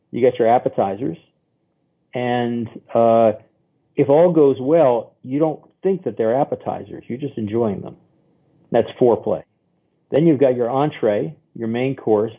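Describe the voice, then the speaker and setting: A man, a sex therapist, answering podcast interview questions in a chatty way, explaining with homely examples and quoted voices. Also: mid-range voice. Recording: tinny phone line.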